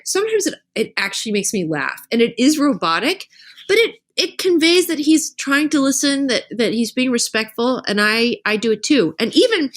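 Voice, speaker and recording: A middle-aged woman talking casually as a guest author on a podcast, telling animated stories and acting out the lines of other people. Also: high-pitched, moderate pace. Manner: animated storytelling, acts out quoted dialogue.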